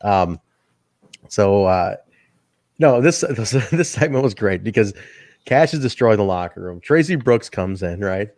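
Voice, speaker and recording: A man chatting on a wrestling review podcast, his voice swinging up and down in pitch as he retells scenes and breaks into laughter. The sound is dry and close to the mic. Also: unhurried, no room sound. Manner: animated, laughing, acts out quotes. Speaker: podcast co-host. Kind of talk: casual wrestling podcast chat.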